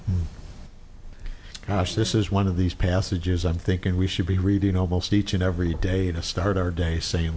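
A man's voice: low voice, level tone, moderate pace, darkish tone, slight background noise. A man hosting a Christian radio program, reflecting and closing the show with thanks to listeners. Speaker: radio ministry host.

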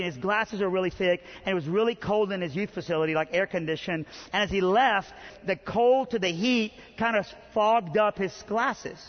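Man preacher, high and animated, muffled sound with a long hall echo. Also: brisk. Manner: animated storyteller, acting out both voices, rising to shouts. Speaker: pastor. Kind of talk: sermon with a personal story.

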